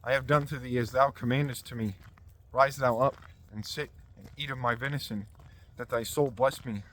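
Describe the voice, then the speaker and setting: A man's voice: medium pitch, fairly even intonation, normal speed, a bit bright, lightly acted, poor audio. A man reading the part of an anxious younger son in a scripture reading, plain and cautious.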